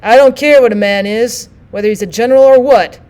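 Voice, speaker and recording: A woman's voice: a little high, a little fast, warm tone, natural voice. A woman voicing an angry young army lieutenant who speaks firmly and undauntedly. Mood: indignant. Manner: firm, undaunted.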